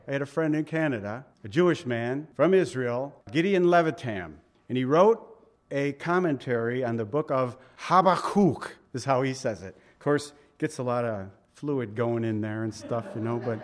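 A pastor preaching a conversational Bible-teaching sermon, opening in prayer and then explaining scripture with emphasis and asides. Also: male voice, a little high, animated, normal speed.

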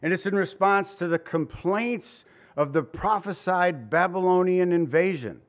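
Guy preaching a laid-back sermon, kinda high voice, keeps asking the crowd questions. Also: a little slow. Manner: conversational preaching with rhetorical questions and chuckles. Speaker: pastor.

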